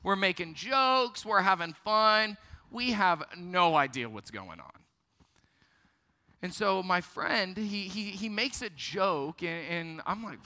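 Young male youth pastor, bright forceful voice, playful storyteller. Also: sits high, slow. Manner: storytelling, lively, self-deprecating. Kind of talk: youth ministry sermon. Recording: long hall reverb.

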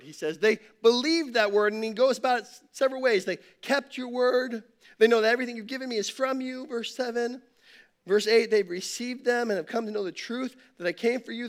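High-voiced man preaching a sermon. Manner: conversational preaching, tells a joke with rhetorical questions. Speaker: campus pastor.

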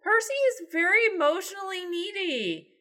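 A woman's voice: very high voice, very animated, moderate pace, pushed and bright. A woman co-hosting a podcast, dropping wry, sarcastic quips in casual chat. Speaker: podcast co-host.

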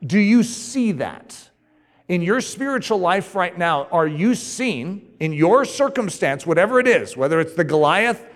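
A man preaching a sermon as pastor, animated, with sudden emphatic rises in his delivery. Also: sits high. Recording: long hall reverb.

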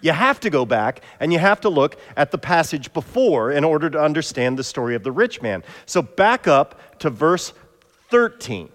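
A man's voice: fairly high pitch, very animated, normal speed, fairly bright tone. A man preaching an interactive sermon as pastor, joking with the congregation and calling up volunteers. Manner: playful, jokey, coaxing volunteers. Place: church sanctuary. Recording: long hall reverb.

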